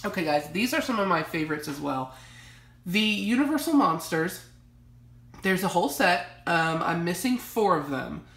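A woman's voice: lowish voice, lively intonation, normal speed, creaky, fairly bright tone, roomy sound. A young woman chatting casually to camera as she shows off her collection, gushing and rambling with lots of fillers. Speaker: vlogger showing a collection. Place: home library.

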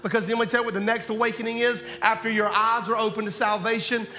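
A man preaching a sermon, swinging between loud calls to wake up and low, close asides to the congregation. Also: level tone, fast. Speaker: pastor. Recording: reverberant church hall with music.

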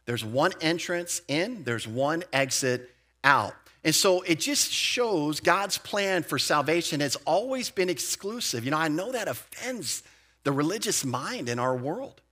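A man preaching a sermon as pastor, in a lively, conversational way with casual asides. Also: on the high side, unhurried. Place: church sanctuary.

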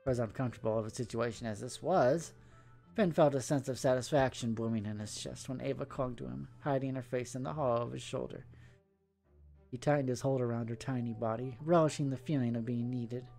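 A man's voice: mid-range voice, steady tone, a little fast, vocal fry, a little mellow, faint music behind. A man reading a story aloud, slipping in casual asides between the narration. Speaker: story reader.

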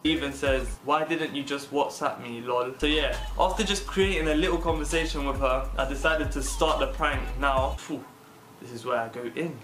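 A man's voice: medium pitch, normal speed, a bit bright. A young man narrating his own prank video in a chatty, self-promoting way. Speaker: YouTuber doing a prank video. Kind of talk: casual vlog narration. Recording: roomy with music behind.

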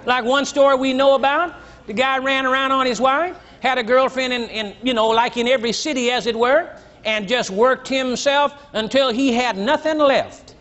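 An older man preaching a sermon to a congregation, teasing and blunt, rising to shouts and dropping low. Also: steady tone, moderate pace. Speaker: pastor. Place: church. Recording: dull lo-fi church recording, faint crowd.

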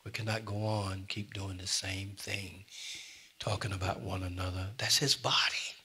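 Older male pastor, husky edge, sermon delivery with sudden loud emphasis. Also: deep voice, little pitch movement, moderate pace. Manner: preaching with sudden loud emphasis and asides to the congregation. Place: church.

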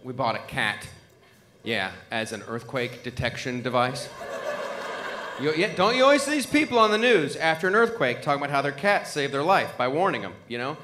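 A male stand-up comedian telling a story with lively, animated delivery and laughing asides. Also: mid-range voice, moderate pace, a little hiss or hum. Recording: live club recording.

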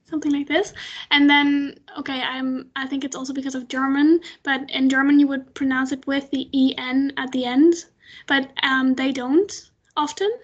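Student lady asking a question, high and kinda flat voice, hesitant, lo-fi sound. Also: moderate pace. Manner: hesitant, searching for words. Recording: dull lo-fi recording.

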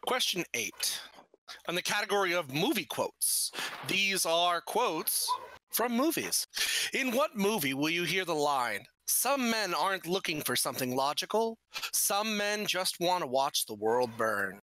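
Male co-host, bright and animated delivery, jokey question reader. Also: high-pitched, unhurried, no echo.

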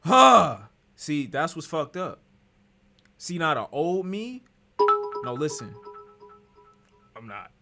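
A man streaming and reacting to a clip in animated, profane casual chat, often breaking into laughter. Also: on the high side, takes it slowly, vocal fry, pauses often, soft background music.

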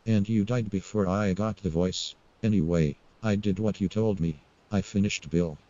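A man voicing a foul-mouthed young non-human inventor in an animated short, blunt and agitated. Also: lowish voice, moderate pace, dry recording, muffled recording, lightly acted. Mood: grieving, vengeful. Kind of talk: indie animated short film acting.

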